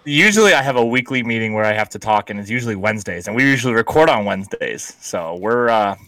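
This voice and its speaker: A man's voice: lowish voice, animated, quick pace, pushed and bright, no echo, rough recording. A man co-hosting a podcast, chatting casually in easygoing, joking banter. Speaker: podcast co-host. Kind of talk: casual chat.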